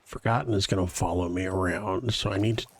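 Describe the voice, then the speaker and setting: A man's voice: deep voice, fairly even intonation, brisk, breathy edge. A man streaming a video game live, chatting casually and rambling to his viewers as he plays. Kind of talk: casual live-stream chat while playing.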